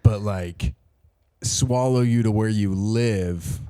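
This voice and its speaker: A man's voice: lowish voice, slow, dark tone, smooth, dry recording. A man co-hosting a casual comedy podcast, rambling playfully through silly stories. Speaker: podcast co-host and stand-up comedian.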